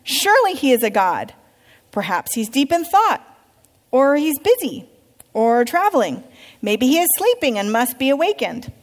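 A woman voicing a zealous male prophet, stern and commanding, who taunts his rivals and gives firm orders. The voice sits fairly high and carries a long hall reverb. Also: sing-song, normal speed. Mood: taunting.

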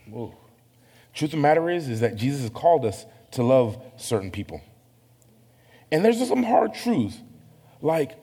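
A man preaching a sermon in a casual, conversational way, with self-deprecating, animated asides. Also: mid-range voice, in a large hall. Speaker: pastor.

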